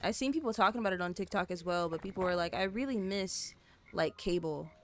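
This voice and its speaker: This streamer, a young woman with a fairly low voice, talks briskly to her chat while building, with a little hiss or hum on the audio. She's chatty and apologetic, rambling along with plenty of "like" and "you know."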